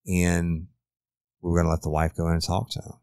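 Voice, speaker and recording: A middle-aged former detective who hosts a podcast recounts a crime case bluntly, cursing in a casual way. His low-pitched voice is level and darkish, brisk in pace, with no echo in this true crime storytelling.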